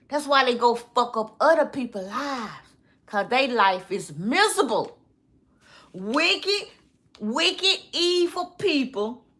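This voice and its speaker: A woman vlogger, talking slowly in a rambling monologue, repeating phrases and often breaking into laughter. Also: high-pitched, pushed and bright.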